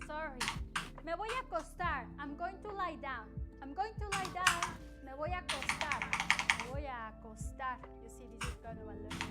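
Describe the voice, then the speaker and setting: A woman with a bright, high voice teaches everyday phrases. She says each one slowly, then repeats it in both languages. Loud music plays behind her the whole time. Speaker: Spanish teacher. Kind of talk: bilingual phrase lesson.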